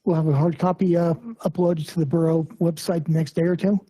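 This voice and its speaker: A man with a high, hoarse voice delivers a committee report at a local council meeting. His tone is dark and mellow, with a husky edge. He moves methodically from one numbered item to the next. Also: flat delivery, a little fast, rough recording. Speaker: finance committee member.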